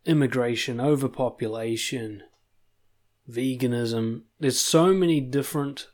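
Cursing without hesitation, a medium-pitched male confidence coach hammers out a blunt motivational speech. He presses each point with animated emphasis.

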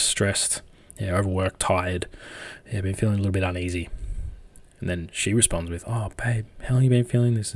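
A man with a low-pitched voice talks in a casual, blunt monologue about relationships. He swears freely and slips into quick little acted bits of dialogue. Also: a little mellow. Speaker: relationship advice speaker.

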